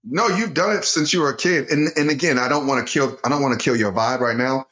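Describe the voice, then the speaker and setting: A middle-aged man hosting a casual conversation, animated and quick to laugh. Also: mid-range voice.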